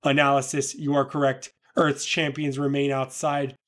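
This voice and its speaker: A man's voice: medium pitch, level tone, normal speed, a bit bright, close to an everyday voice. Cold male robot overlord, formal and menacing, read out by a man doing the comic's voices. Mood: coldly calculating.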